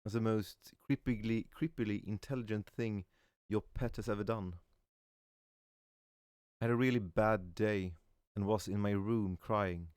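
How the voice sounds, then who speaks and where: A man casually reading memes aloud, often stumbling over words and reacting with soft "aw" sounds. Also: lowish voice, fairly even intonation, unhurried, smooth, no room sound, clean studio sound.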